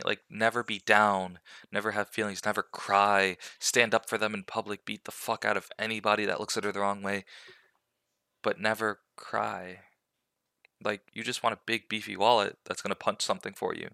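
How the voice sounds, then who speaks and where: A young man hosting a podcast, giving his opinions in casual talk and acting out quotes, with a gravelly voice. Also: lowish voice, no room sound, studio quality. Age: young adult. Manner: animated and opinionated, with acted-out quotes. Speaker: podcast host.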